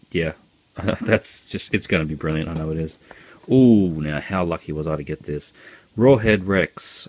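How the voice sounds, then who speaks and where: Low-voiced man chatting casually. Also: no echo. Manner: relaxed and chatty, lots of ums and uhs. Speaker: collector reviewing his film purchases. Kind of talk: casual video review.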